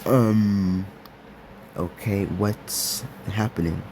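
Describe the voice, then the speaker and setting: A man voicing a sleepy, annoyed young man who has just been woken, in a halting plain voice. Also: lowish voice, fairly even intonation, noisy background.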